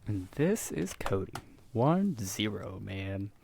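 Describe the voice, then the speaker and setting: A man's voice: lowish voice, sing-song, slow, vocal fry, darkish tone, a little hiss or hum. A young man co-hosting a casual podcast, jokey, with mumbled asides and laughs at his own jokes. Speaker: podcast co-host. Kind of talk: casual chat.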